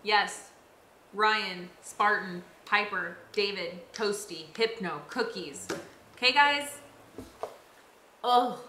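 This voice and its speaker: A woman's voice: mid-range voice, slow, pauses often, bright, forceful tone, reverberant, a little hiss or hum. A young woman streaming a game live, chatting with viewers and sounding exasperated.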